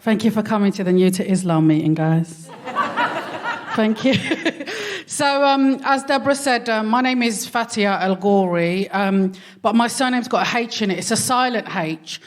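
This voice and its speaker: A woman's voice: on the high side, expressive, a little slow. Cheeky London woman doing stand-up. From Hackney, London. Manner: cheeky, slangy and self-mocking. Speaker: stand-up comedian and co-host. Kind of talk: stand-up comedy. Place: London theatre stage before a live audience.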